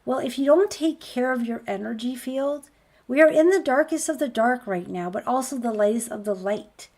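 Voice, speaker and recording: A spiritual healer woman speaks to her followers in a sincere motivational tone. She repeats her points and piles up rhetorical questions, her voice sitting slightly higher than most women's. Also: lively intonation, normal speed, a little mellow. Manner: earnest, repetitive, rhetorical questions. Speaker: spiritual healer promoting a course.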